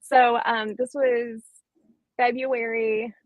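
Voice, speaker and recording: Woman, fairly high voice, dry close sound, chatty enthusiastic bookseller. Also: little pitch movement, slow, no room sound, phone-quality sound. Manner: chatty and enthusiastic, lots of fillers and laughs. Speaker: bookseller co-host. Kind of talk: casual live-stream chat.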